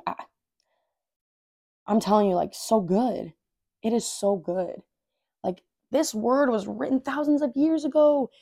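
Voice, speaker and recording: A woman's voice: medium pitch, warm tone, dry recording, clean studio sound. A woman hosting a casual faith podcast, reading Bible verses aloud and commenting in an earnest, informal way. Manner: earnest and informal, says "dude" and "like"; reads scripture aloud and repeats verses. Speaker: podcast host.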